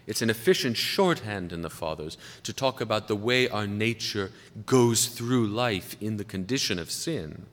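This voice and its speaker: A man giving a sermon-style lecture to clergy, speaking deliberately and slowing down to stress key words. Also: on the low side, animated, a bit bright. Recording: long reverb of a large hall.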